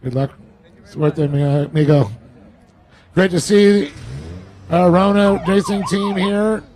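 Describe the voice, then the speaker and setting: A man hosts a live off-road racing event and interviews drivers one after another. His voice is high for a man, and he keeps the energy up the whole time. The interviews are recorded outdoors at the event. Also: slow, a little hiss or hum, poor audio. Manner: energetic and hyped, cheers drivers on.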